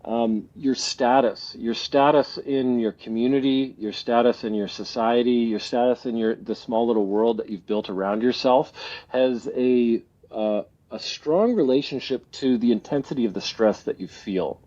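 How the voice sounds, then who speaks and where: A Canadian man in his forties speaks reflectively as a guest in a casual interview, often laughing and restarting his thoughts. His voice is mid-range and mellow at normal speed, on slightly dull lo-fi audio.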